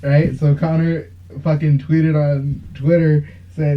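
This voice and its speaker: A man's voice: fairly high pitch, fairly even intonation, measured pace. A young man hosting a podcast, telling a long, rambling story in casual chat with plenty of swearing. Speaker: podcast host. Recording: dull lo-fi sound.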